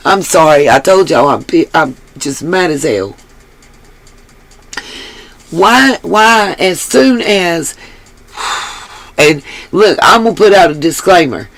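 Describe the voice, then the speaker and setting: A woman with a low, expressive voice rants angrily on her own live stream, swearing heavily and talking straight to her chat. She speaks at a moderate pace with few pauses. Recorded on a headset mic, the audio is rough but has no echo.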